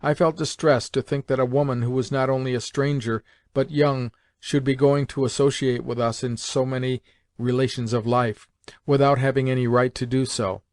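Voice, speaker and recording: A man reads an audiobook in a measured, even way. His voice sits in the mid range, and the recording is clean studio sound with no room echo.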